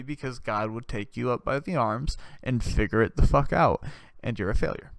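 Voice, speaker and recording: Sarcastic young man ranting, smooth voice. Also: mid-range voice, normal speed, no echo. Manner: sarcastic, profane, mock-preaching bursts. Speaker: podcast host. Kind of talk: comedic rant.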